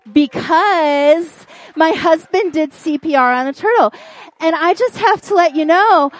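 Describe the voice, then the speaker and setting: A woman preaches in church, spinning a comic story with lively, animated delivery. Her voice sits a bit high, and the sound is dry and close. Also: no echo. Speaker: pastor's wife preaching. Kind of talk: sermon with a humorous personal story.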